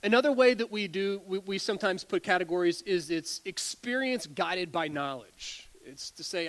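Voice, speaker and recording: A pastor in his forties delivers a sermon in a notably high voice for a man. He tells stories with animated energy, trips over his own words, restarts phrases and breaks into laughter. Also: normal speed, few pauses. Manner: animated storytelling, stumbles and repeats words, laughs often.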